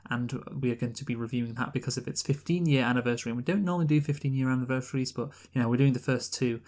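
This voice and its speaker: A man's voice: mid-range voice, very fast, darkish tone. A man co-hosting a podcast in casual, rambling chat, often laughing. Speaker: podcast co-host.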